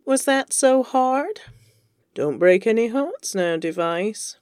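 A reader voicing a sardonic, world-weary man, deadpan and teasing, in a fan fiction audio reading. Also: mid-range voice, slow, smooth, no echo, clean studio sound, faint music behind. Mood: dry teasing.

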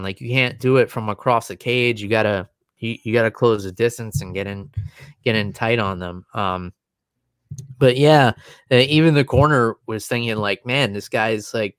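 Casting note: casual man, mid-pitched, rambling fight analyst, dry close mic. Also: fairly bright tone, no room sound. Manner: fast, rambling, many restarts and fillers. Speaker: MMA analyst guest. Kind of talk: casual podcast chat.

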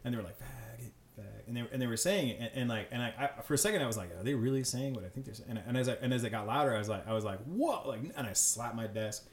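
Fast-talking man in an echoey room. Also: mid-range voice. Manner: fast, animated storytelling with many fillers. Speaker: high school teacher, podcast guest. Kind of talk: casual chat.

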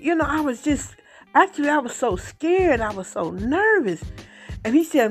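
A woman podcast host telling a personal faith testimony in a halting way, repeating words and rising in pitch when excited. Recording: faint music behind.

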